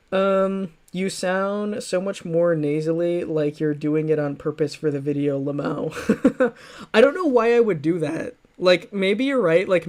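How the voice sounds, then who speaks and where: A streamer reacts to his old videos during a livestream, talking loosely and poking fun at himself, with lots of restarts and fillers. His voice is a little high and a little mellow.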